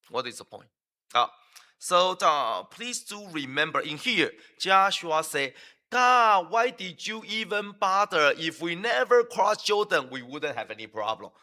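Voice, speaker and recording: A man delivering a sermon in a church, his voice sitting a little high for a man. The tone is bright and forceful as he presses rhetorical questions on his listeners, and he often stumbles through fillers and restarts. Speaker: preacher.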